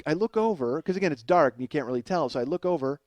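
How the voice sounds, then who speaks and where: A male comedian hosts a solo storytelling monologue with a fairly high, very lively voice. His delivery is loose and profane, and laughter keeps breaking into his sentences. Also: fast, background noise. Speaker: comedian host.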